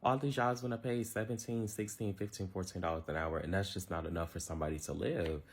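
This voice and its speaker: Deep-voiced frustrated man in his twenties. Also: fairly even intonation, fast talker, husky. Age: 20s. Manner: frustrated, rambling, many fillers. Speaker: social media ranter. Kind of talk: casual rant to camera.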